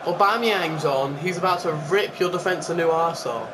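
A man's voice: on the high side, a little fast. A man giving casual, sweary, exasperated commentary while playing a football video game. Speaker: gaming YouTuber. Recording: steady background noise.

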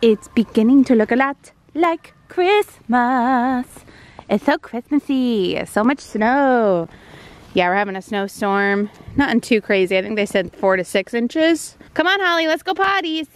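A young woman vlogging casually at home, bubbly, often switching to high baby talk with her dogs. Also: expressive, a little slow. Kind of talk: casual vlog chat. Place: home, indoors and out in the snow.

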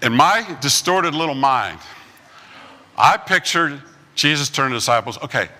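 A pastor preaches a light, joking sermon and tells stories packed with puns. He is a man with a very bright, forceful voice that sits a little high. His words ring out with the long reverb of a large church sanctuary. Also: lively intonation, moderate pace. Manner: joking storyteller full of puns. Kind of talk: humorous sermon.

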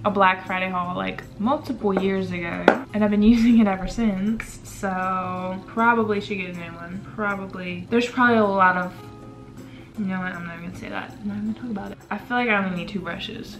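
A young woman chatting casually to her camera at home, rambling from one thought to the next with plenty of fillers. Her voice sits at an ordinary middle pitch, and light background music plays under her talk. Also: fairly quick. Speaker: vlogger. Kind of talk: casual vlog chat. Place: indoors at home doing makeup.

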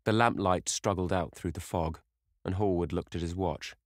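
A man narrating a classic novel as an audiobook reader in a measured, even storytelling manner. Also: deep voice, dry recording, studio quality.

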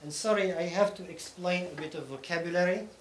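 A man's voice: high-pitched, a little fast. Man giving a tech talk in an echoey hall. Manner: explains step by step, often checking in with "okay?". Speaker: conference speaker. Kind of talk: technical conference talk. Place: conference hall. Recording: echoey hall with faint room noise.

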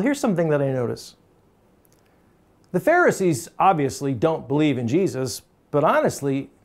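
A pastor gives a sermon in an easy, talking-to-you manner, pressing hard on key points. The voice sits at an ordinary middle pitch, and light chuckles slip into the flow. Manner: conversational, emphatic, chuckles often.

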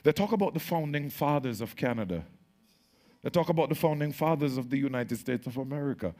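A man preaching a sermon as pastor, swinging from quiet drawn-out lines to loud excited bursts. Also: mid-range voice.

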